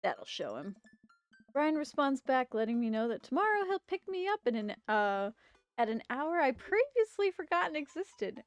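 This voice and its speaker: Brief: woman streamer, casual and animated, a bit higher voice, on a streaming mic. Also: normal speed, no room sound, soft background music. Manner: chatty, animated, talks to her pets. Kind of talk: casual gameplay chat and reading aloud.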